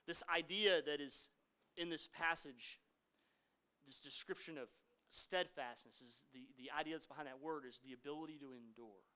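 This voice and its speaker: A man, a pastor preaching a sermon, swinging from loud emphasis to hushed asides. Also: a little high, normal speed.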